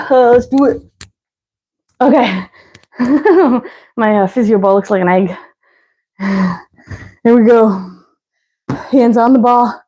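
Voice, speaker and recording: A woman's voice: fairly high pitch, extremely slow, pauses often, warm tone, rough recording. A woman leading a live workout as fitness instructor, counting reps and cueing stretches while out of breath. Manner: counting reps, breathy and winded between cues.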